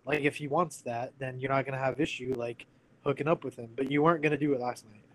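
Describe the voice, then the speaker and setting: A man's voice: medium pitch, fairly even intonation, quick pace, rough recording. Casual, candid male storyteller in his thirties: earnest, loose, heavy on fillers, conversational. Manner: candid and earnest, full of fillers like "like" and "you know". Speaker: guest telling a personal story.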